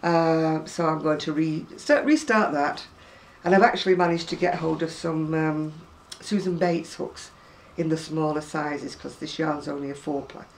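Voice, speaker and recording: A woman's voice: sits low, little pitch movement, normal speed, few pauses, darkish tone. An older woman chatting casually to camera about her crochet, rambling and self-deprecating. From England. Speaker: crochet vlogger. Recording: distant mic with faint room noise.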